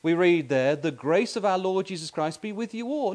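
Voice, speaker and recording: Male preacher, sermon, emphatic, repeats himself, fairly high voice, swings up and down a lot. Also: animated, unhurried, darkish tone. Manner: emphatic, repeats phrases, addresses congregation as brothers and sisters. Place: tent meeting hall.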